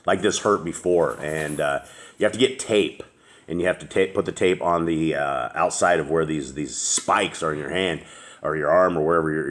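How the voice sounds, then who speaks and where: A man's voice: very deep voice, a bit bright. A man hosting a casual group chat, rambling with many fillers and restarts. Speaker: host.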